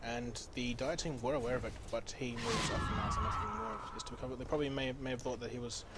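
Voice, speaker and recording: Australian man, esports caster, excitable play-by-play, noisy recording. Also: medium pitch, quick pace. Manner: excitable, speeds up and gets loud in fights. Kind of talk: play-by-play game commentary.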